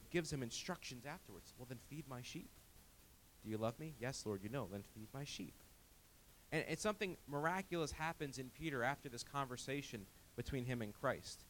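A pastor preaching a sermon, emphatic and animated, often restarting his words as he retells a Bible story. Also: medium pitch, a little hiss or hum.

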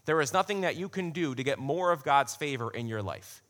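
A man's voice: a little high, a little fast. A man preaching a sermon in a conversational way, repeating key phrases for emphasis.

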